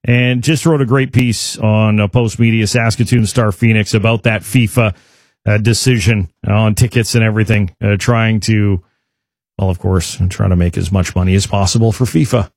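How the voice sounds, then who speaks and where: On a sports radio show, a male host chats casually and trades sarcastic banter. His voice is fairly low and darkish, with fairly even intonation and a normal pace, recorded clean in a studio with no room sound.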